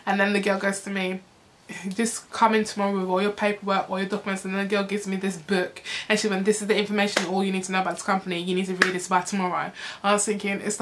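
A young woman tells a storytime to camera, casual and animated, acting out what people said and laughing often. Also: medium pitch, a little hiss or hum. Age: young adult. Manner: animated, acts out quoted voices, frequent laughs and "like". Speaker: vlogger.

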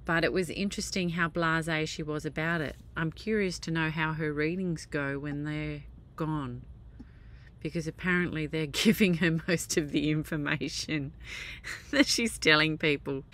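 A woman's voice: low voice, normal speed, a bit bright. A woman hosting her own spiritual vlog outdoors, chatty and self-amused, at times tearful and emotional. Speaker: channel host. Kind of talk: spiritual vlog, talking to camera. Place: outdoors, driving around hills.

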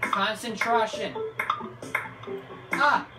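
A young adult with a nearly lost, hoarse voice gives excitable let's-play commentary, swearing loudly at the game. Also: medium pitch, extremely slow. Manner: loud outbursts and heavy swearing at the game. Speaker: gaming channel host. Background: game music.

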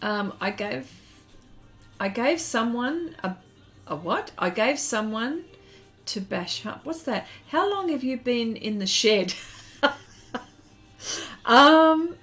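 Chatty Australian woman, bright voice. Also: fairly high pitch, very animated, slow, soft background music. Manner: chatty, laughs often, reads chat aloud. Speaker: artist streaming live. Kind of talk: casual live-stream chat while drawing. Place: home studio shed.

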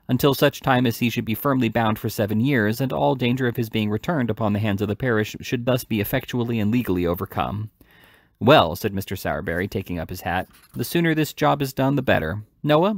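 Low-voiced guy with a gravelly edge reading a book aloud, dry close mic, little restarts here and there. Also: dry recording. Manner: unhurried, lively reading with small slips and restarts. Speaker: reader.

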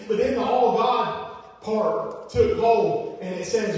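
High-voiced pastor preaching in an echoey church. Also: male voice, slow pace, a little mellow. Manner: conversational preaching with repetitions, acts out quoted voices. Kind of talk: sermon. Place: church sanctuary. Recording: echoey church hall, distant mic, faint hiss.

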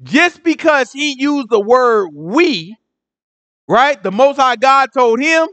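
A man leading a Bible study in an animated, conversational way, repeating phrases and asking the group questions. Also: very high voice, slow, no room sound.

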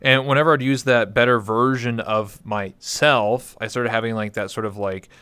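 A man's voice: medium pitch, steady tone, moderate pace, bright, forceful tone, clear, resonant tone, no room sound. A man from Canada, a guest in a casual interview, telling a long story candidly and rambling with many fillers. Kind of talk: casual conversation.

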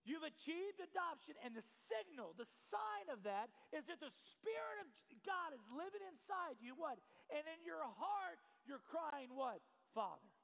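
A man preaching a sermon as pastor, asking the congregation questions and building to shouts. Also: very high-pitched, big pitch swings, a little slow, creaky, few pauses, in a large hall. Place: church sanctuary.

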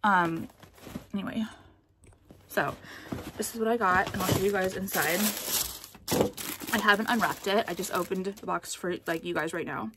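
A woman's voice: medium pitch, normal speed, pauses often, noisy background. A young American woman chatting casually in a vlog, rambling with lots of fillers, swearing and flaring into outrage. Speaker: vlogger.

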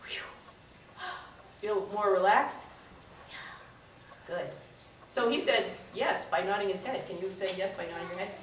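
A woman's voice: medium pitch, a little slow, long pauses. A woman puppeteer guiding children through a puppet activity, talking playfully and often laughing. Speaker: puppeteer leading a children's workshop. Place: indoor puppet exhibit room. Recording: echoey room, far from mic, background noise.

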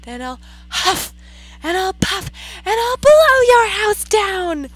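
A teacher voicing a menacing big bad male wolf in a loud, theatrical storybook delivery. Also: very high voice, sing-song, takes it slowly, background noise, pitched above the performer's own voice, full character voice.

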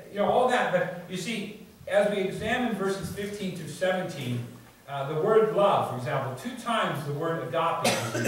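A male pastor preaching a sermon in a conversational way, often adding "you see" and "okay?", recorded in a church. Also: high-pitched. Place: church sanctuary. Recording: very echoey church, distant mic, faint noise.

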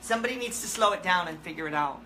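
A woman hosting a live comic question-and-answer session in character, telling absurd stories in a deadpan, rambling way with halting restarts. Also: fairly low pitch, noisy background. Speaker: comedic musician persona hosting a live Q&A. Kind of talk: rambling comic livestream chat.

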